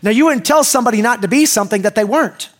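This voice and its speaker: A man in middle age delivers a sermon with a relaxed, joking ease. His voice sits high for a man. He keeps asking the congregation questions as if chatting with them. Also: very fast. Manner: joking, conversational, asks the crowd questions. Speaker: pastor.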